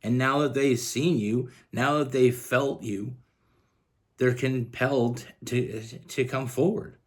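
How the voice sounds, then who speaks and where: A man's voice: medium pitch, steady tone, slow pace. A man from Canada giving a casual tarot love reading, earnest and rambling with frequent restarts. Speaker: tarot reader.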